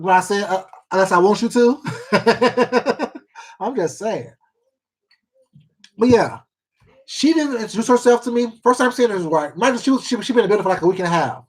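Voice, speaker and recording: This is a man from Washington State with a notably high voice for his sex, a mukbang YouTuber ranting casually while he eats live. Blunt, profane and emphatic, he hammers points through repetition and breaks off at times to greet his viewers by name.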